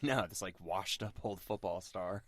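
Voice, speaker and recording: A man co-hosting a podcast, chatting casually about a film with plenty of "like" fillers and animated jumps in pitch. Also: normal speed, crowd noise. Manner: lots of "like" fillers, animated, leaps up in pitch for quoted lines. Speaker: podcast co-host. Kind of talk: casual film review chat.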